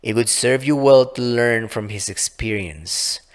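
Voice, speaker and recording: A man's voice: mid-range voice, measured pace, close to an everyday voice. A man voicing a cruel, smug female fairy who speaks in a sneering, condescending way, with a long reverb on the recording.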